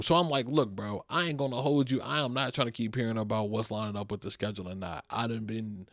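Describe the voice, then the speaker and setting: A man's voice: on the low side, fast talker, few pauses, fairly bright tone, no room sound, studio quality. Swearing, slang-heavy man venting. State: worn out. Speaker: podcast host. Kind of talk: casual storytelling monologue.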